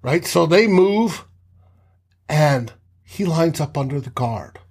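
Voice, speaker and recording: A man hosts a casual sports talk show with a fairly high voice. He breaks down a game and jumps into animated impressions of players yelling on the field. His delivery swings between low, muttered asides and lively storytelling. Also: slow, husky. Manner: animated, acts out players' shouts mid-story.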